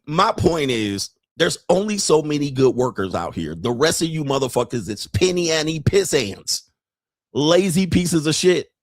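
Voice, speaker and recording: A man's voice: medium pitch, no room sound. Brash ranting man, very dry sound. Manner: brash, ranting, laughs often, mimics people. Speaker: podcast host. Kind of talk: profane livestream monologue.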